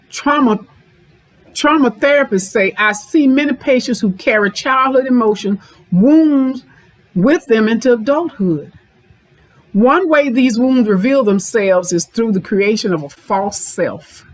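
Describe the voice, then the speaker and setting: A woman's voice: medium pitch, poor audio. Middle-aged woman therapist, folksy podcast monologue that drives points home by repeating them. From Memphis, Tennessee. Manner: folksy, repeats lines for emphasis.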